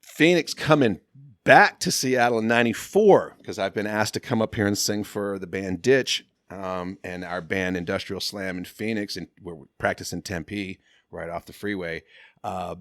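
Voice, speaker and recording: A middle-aged man with a fairly low voice tells a long story in a loose, casual way. He is animated and slangy and acts out the other people's lines. His voice sounds dry and close, with no room around it. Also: moderate pace, dry recording. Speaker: guest.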